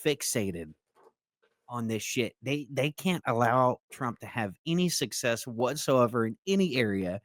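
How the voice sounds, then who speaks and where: A man's voice: mid-range voice, expressive, unhurried, dry recording. Dry-voiced male political podcast host. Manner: casual, reads news excerpts aloud, breaks into asides.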